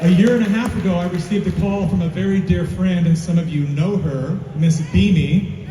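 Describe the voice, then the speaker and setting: A man's voice: high-pitched, fairly even intonation, normal speed, warm tone. A man speaking to a live audience at a film premiere, earnest and grateful, building to emphatic peaks. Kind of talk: heartfelt speech to a live audience. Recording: roomy hall, voice from far off, crowd and noise behind.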